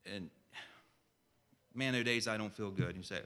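A man delivers a sermon with a sharp, forceful edge to his voice. His talk stays conversational and full of direct questions to the congregation. When he reads scripture, he slows into solemn, measured phrasing. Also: lowish voice. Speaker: preacher.

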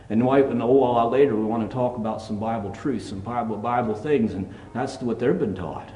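A man's voice: medium pitch, fairly quick, hardly any pauses, mellow, lo-fi sound. A man preaching a plainspoken, earnest sermon at a church service, reading scripture aloud. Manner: earnest, plainspoken, reads scripture in King James wording.

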